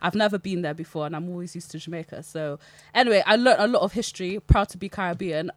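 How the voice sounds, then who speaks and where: A woman's voice: on the low side, fast, no echo. A young woman, telling a story animatedly and laughing as she chats. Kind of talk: casual chat, storytelling.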